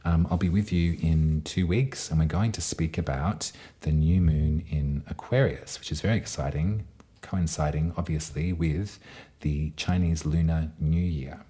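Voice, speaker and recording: A man giving a gentle, meandering tarot and astrology reading to his viewers. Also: rumbling low, fairly even intonation, a little slow. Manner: gentle, meandering, with frequent fillers. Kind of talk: casual tarot reading to camera.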